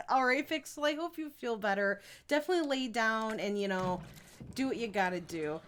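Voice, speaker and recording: A woman's voice: medium pitch, big pitch swings, measured pace, a bit bright, a little hiss or hum. A young adult woman streaming a game, chatting casually with her viewers, giggling often and reading their messages aloud. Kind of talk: casual live-stream chat while gaming.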